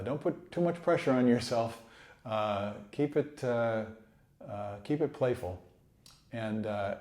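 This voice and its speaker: A man teaching trumpet in a relaxed, encouraging way, sometimes singing rhythms aloud. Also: medium pitch. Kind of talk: relaxed instructional talk. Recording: echoey room.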